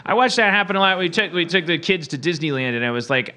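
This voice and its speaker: A man's voice: on the high side, fast talker. A man hosting a comedy podcast, telling rambling, profane stories in casual chat. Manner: rambling, profane, animated storytelling. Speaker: podcast host.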